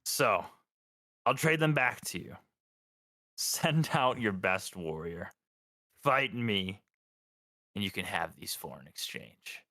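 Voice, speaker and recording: A man's voice: sits low, lively intonation, slow, long pauses, bright, forceful tone, dry recording, heavily acted. A man voicing a boastful half-dragon warlord with a taunting, mock-generous manner in a tabletop game.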